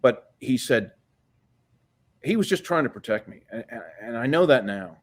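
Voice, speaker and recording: A man's voice: medium pitch, lively intonation, moderate pace. A man in his sixties, a podcast guest telling a long story, profane and rambling, with frequent restarts. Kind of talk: storytelling interview.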